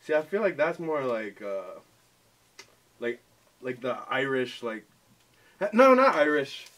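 A young man co-hosting a casual accent challenge video, playful and quick to laugh. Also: medium pitch, big pitch swings, a bit bright. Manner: playful, laughs often, tries silly accents. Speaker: YouTube co-host.

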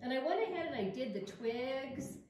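A woman's voice: sits high, lively intonation, moderate pace. A woman vlogging about home decor DIY, chatting enthusiastically and thinking aloud as she arranges pieces at home. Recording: roomy echo, distant mic, faint noise.

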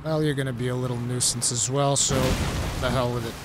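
A man giving casual gameplay commentary as a let's play host, easily frustrated and quick to angry outbursts. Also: mid-range voice, steady tone, loud music behind the voice.

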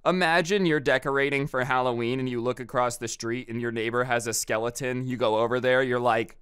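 Smooth-voiced sarcastic young man. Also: medium pitch, moderate pace, few pauses, a bit bright, dry recording, studio quality. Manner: sarcastic, exasperated ranting. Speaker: storytime YouTuber. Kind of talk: casual storytime commentary.

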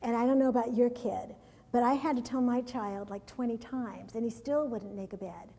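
Middle-aged woman, conference presenter, higher voice with a husky edge, lively, laughs often. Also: moderate pace. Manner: lively anecdotes, laughs often, repeats words. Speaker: education conference speaker. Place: large conference hall. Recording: long hall reverb.

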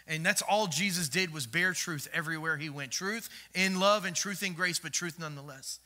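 Bright, high-voiced preaching man. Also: normal speed, few pauses. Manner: dynamic preaching, swings from loud to hushed, acts out quoted voices. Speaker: pastor. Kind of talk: sermon.

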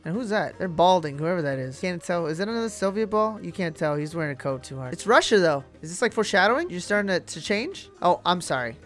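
A young man giving casual, excitable gameplay commentary with slang and trash talk. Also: high voice, fast talker, few pauses, faint music behind. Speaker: gaming YouTuber.

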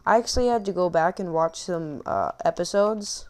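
A woman's voice: fairly low pitch, moderate pace, darkish tone. A woman hosting a gaming channel, rambling and self-mocking through casual gameplay commentary.

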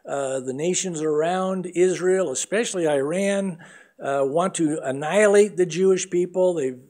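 A middle-aged male pastor preaches a sermon in an earnest, conversational manner, sometimes doing voices when telling a story. His voice is high and somewhat dark in tone, at a moderate pace.

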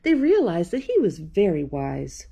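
Animated woman reading a storybook aloud. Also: lowish voice, unhurried, creaky, slightly rough. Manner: animated, playful, laughs often. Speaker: children's librarian. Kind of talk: reading a picture book aloud to children.

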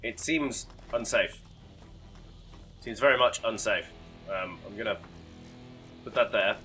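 Sweary gamer, bright voice. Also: male voice, on the low side, takes it slowly, soft background music. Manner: sweary, rambling, self-mocking. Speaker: gaming YouTuber. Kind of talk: casual gameplay commentary.

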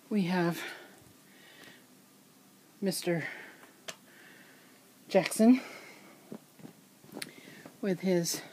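Woman vlogger, slow and unhurried, slightly low voice, a bit out of breath, faint room hiss. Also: mellow. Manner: chatty, doting, halting with fillers and restarts. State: a little out of breath. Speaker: reborn doll collector, channel host. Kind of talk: casual show-and-tell vlog. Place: home nursery room, indoors.

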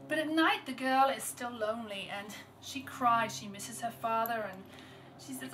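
A woman's voice: on the high side, moderate pace. Woman storyteller telling a folktale. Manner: unscripted, with small restarts and varied loudness. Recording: distant mic with clear background noise.

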